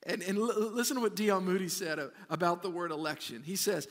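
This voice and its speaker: A pastor preaches to his church in a high, ringing voice. He keeps the sermon chatty, stumbling over repeated words and turning often to the congregation. The reverb of a large hall trails behind every phrase. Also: fast talker, few pauses, fairly bright tone. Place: church sanctuary.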